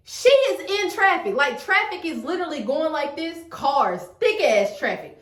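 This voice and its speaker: A woman's voice: high voice, unhurried, reverberant. A woman telling a story to camera in casual, slangy chat, acting out the quoted lines. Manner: animated, slangy, acts out quotes. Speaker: storyteller vlogger.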